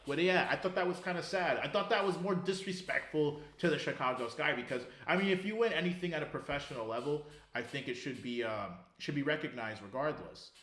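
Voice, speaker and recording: A man's voice: fairly high pitch, fairly quick, hardly any pauses, echoey room. A man co-hosting a podcast, talking about sports in a loose, profane way, full of restarts. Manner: animated, profane, rambling with restarts. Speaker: podcast co-host. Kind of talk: casual sports chat.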